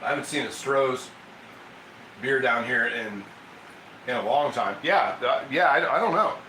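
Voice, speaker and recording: Man from Ohio, rambling livestream cook, bright voice, echoey kitchen, faint noise behind. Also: mid-range voice, animated, unhurried. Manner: rambling, chatty, reads viewer comments aloud. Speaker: cooking livestream host. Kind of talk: casual livestream chat while cooking.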